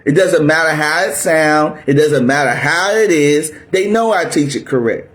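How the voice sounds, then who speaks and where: A man's voice: a little high, moderate pace, a bit bright. A man preaching a fiery, aggressive sermon, barking at his listeners in a confrontational, drill-sergeant manner. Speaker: preacher teaching scripture.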